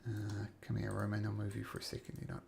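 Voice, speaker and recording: A man's voice: fairly low pitch, completely flat delivery, fast talker, vocal fry, a little mellow, breathy edge. A man running a tabletop game as game master, narrating with an upbeat, laughing manner.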